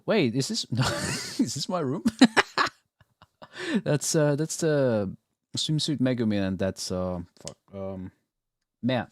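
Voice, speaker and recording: A man's voice: mid-range voice, big pitch swings, slow, dry recording, clean studio sound. A young man hosting a casual reaction livestream, laid-back, swearing casually and laughing often. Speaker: livestream host. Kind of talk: casual reaction-stream chat.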